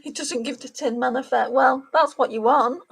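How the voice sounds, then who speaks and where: A woman, her voice sitting a little high. She chats casually and warmly to her viewers by name while applying eyeshadow on a live stream. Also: normal speed, vocal fry, husky. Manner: chatty, talks to viewers by name. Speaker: beauty livestream host. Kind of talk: casual makeup livestream chat.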